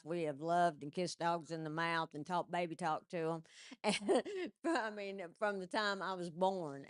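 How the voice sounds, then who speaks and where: Woman doing animated stand-up. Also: on the low side, clean tone, no room sound, clean studio sound. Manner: animated storytelling, laughing at her own jokes. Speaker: comedian. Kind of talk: stand-up comedy.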